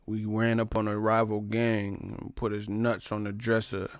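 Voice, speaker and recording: A gruff old gang veteran , as a man puts him on, drawls a story slow and low. The voice sits below his own and stays quiet and dry. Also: completely flat delivery, no echo, natural voice. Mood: reminiscing.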